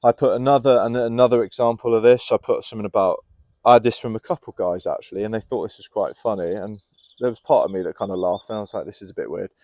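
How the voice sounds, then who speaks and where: A young man with a fairly low voice talks through candid stories in a relaxed podcast chat. He speaks with animation and laughs easily as he makes his points. The sound is close and dry, recorded outdoors in a garden. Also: quick pace, no echo. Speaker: health and fitness coach, guest. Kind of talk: casual podcast conversation.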